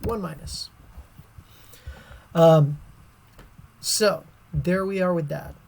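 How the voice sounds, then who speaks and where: A woman's voice: on the low side, very slow, creaky, darkish tone, a little hiss or hum. A woman teaching a science lesson over a screen recording, chatty and casual with many fillers.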